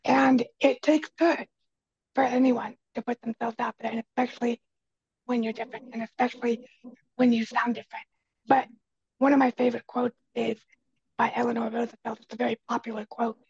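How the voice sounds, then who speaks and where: Quiet, very raspy woman guest. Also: fairly high pitch, little pitch movement, fairly quick, no room sound, lo-fi sound. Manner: earnest and emphatic, repeats key phrases. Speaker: podcast guest, speaker and kitchen coach. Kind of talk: casual conversation.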